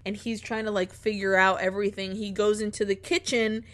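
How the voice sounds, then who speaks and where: A woman's voice: medium pitch, brisk. Swearing woman recapping a film. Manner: lively storytelling, acts out characters, swears freely. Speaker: podcast co-host. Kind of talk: casual film recap chat.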